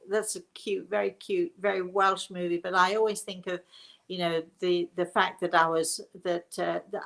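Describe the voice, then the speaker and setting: Chatty rambling woman medium, lowish voice. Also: vocal fry, fairly bright tone. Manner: chatty, rambling, with many restarts and laughs. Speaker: psychic medium and show host. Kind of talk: live-stream question and answer.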